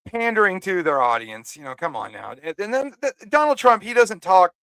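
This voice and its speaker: A man co-hosting a casual talk show, halting and repeating words as he rambles. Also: high voice, big pitch swings, fairly bright tone, smooth, no room sound. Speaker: co-host. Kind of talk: casual podcast commentary.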